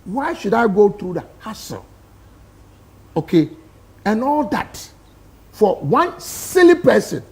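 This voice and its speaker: A Ghanaian man argues his point with force, his voice gravelly and pitched high for a man. His delivery swings widely up and down as he presses one rhetorical question after another in a studio debate. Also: very animated, slow, pauses often. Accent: Ghanaian English. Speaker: studio guest.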